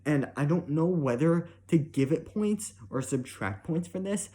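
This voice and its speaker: A man's voice: on the high side, lively intonation, unhurried, warm tone. A young man giving a casual, emotional spoken review, rambling with many "like" and "right?" fillers and frequent swearing.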